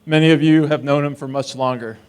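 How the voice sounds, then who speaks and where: Giving the best man's toast at a distillery reception, a man teases and wisecracks with the guests. His voice is a little high yet darkish, steady and brisk, and it comes through cleanly.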